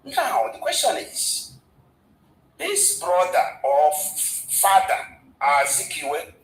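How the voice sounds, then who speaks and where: A man's voice: on the high side, wildly swooping pitch, slow, roomy sound, low-quality recording. A man, a guest in a casual discussion, who stumbles and repeats words as he retells history at length. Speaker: guest commentator.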